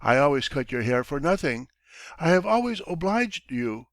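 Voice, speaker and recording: A man's voice: fairly high pitch, big pitch swings, moderate pace, no echo, pitched above the performer's own voice. A man reading an audiobook, voicing a timid young barber who stammers and pleads. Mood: pleading. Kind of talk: audiobook character voice.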